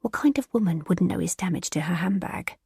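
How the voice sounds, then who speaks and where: A woman narrator voicing a sharp, sceptical woman who questions the plan in a scathing whisper. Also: lowish voice, fairly even intonation, a little fast, vocal fry, slightly rough, no echo, clean studio sound, full character voice.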